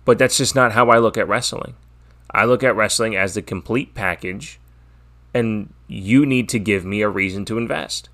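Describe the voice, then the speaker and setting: A man's voice: fairly low pitch, moderate pace, fairly bright tone. A man hosting his own wrestling podcast, talking casually and with strong opinions, swearing often and rambling with restarts. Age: adult, father. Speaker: podcast host. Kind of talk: casual solo wrestling preview.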